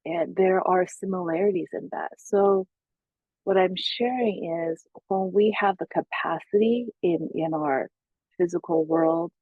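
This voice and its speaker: Woman, psychotherapist, lowish voice, reflective, many fillers, dry tinny sound. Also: measured pace, no echo. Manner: searching, with many fillers and self-quoted asides. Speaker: psychotherapist and spiritual teacher. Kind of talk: reflective monologue.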